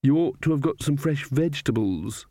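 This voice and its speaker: A man's voice: medium pitch, animated, moderate pace, mellow, dry recording, studio quality, natural voice. A man voicing an anxious, earnest young witch woman with a nervous manner. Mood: uneasy.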